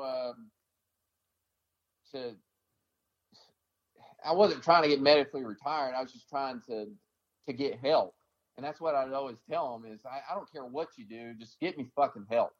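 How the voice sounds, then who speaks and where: A man at an ordinary pitch tells army stories in a blunt, profane, rambling way, filling his pauses with "uh" and "you know." The sound is a little dull and lo-fi. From American South. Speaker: army veteran guest. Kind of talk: casual interview storytelling.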